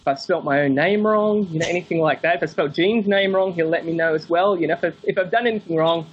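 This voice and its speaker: A man, a podcast guest and book author, telling stories in a casual interview, animated and acting out quoted voices with frequent laughs. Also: on the high side, quick pace. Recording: dull lo-fi call audio with faint hiss.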